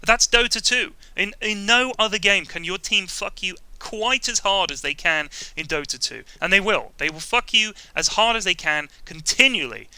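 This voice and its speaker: Man, casual vlog, profane jokey rambling, smooth clear tone, dry close sound. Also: high voice, animated, normal speed, few pauses, sharp tone, no echo. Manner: profane, self-mocking, jokey. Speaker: gaming vlogger.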